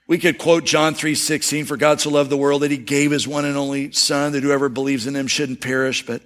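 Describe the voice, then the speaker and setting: A middle-aged male pastor preaches a sermon in a conversational, storytelling style, dropping soft and low for emphasis.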